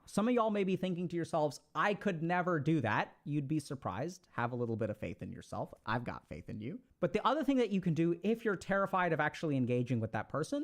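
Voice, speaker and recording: A man giving casual advice to an audience, talking in an animated, conversational way and acting out little quoted exchanges. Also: a little high. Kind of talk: casual motivational talk.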